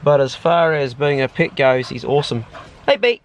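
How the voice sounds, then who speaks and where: A man's voice: mid-range voice, normal speed, a little hiss or hum. A man with a New Zealand accent chatting casually in a rambling, laid-back way on his outdoor vlog. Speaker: vlogger storyteller. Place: outdoors on a hot day with dogs.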